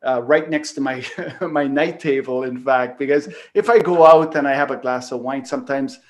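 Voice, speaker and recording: Steady and medium-pitched at a normal speed, the Canadian podcast host casually recounts something from his own life. The telling rambles, full of filler words with a swear here and there.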